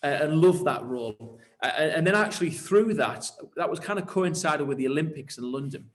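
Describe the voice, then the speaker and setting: A man who leads churches tells his story in an interview with animated enthusiasm. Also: a little high, fairly quick. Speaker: church leader and pastor.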